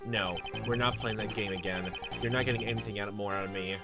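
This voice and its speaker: A man's voice: lowish voice, steady tone, quick pace, close to an everyday voice. A smug, taunting older man who needles his questioners with folksy, old-fashioned phrasing, as a man voices him in a game playthrough. Game music plays underneath. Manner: sly, taunting, old-fashioned dialect words.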